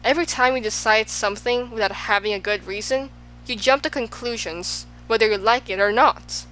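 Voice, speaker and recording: A woman plays an exclaiming, fickle man in a storybook reading, his voice pitched a little higher than her narration and louder. He swings from boasting to sighing. A faint hum sits under the recording. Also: normal speed, poor audio. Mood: eager. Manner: exclaiming, swinging between moods. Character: excitable, fickle man of all extremes.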